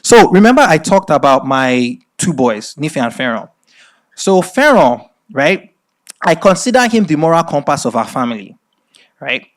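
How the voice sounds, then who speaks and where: Speaking at a masterclass, a middle-aged man from Nigeria lectures in a Nigerian accent with a fairly high pitch at a moderate pace. His lecture unfolds as animated storytelling, punctuated by frequent checks of "right?".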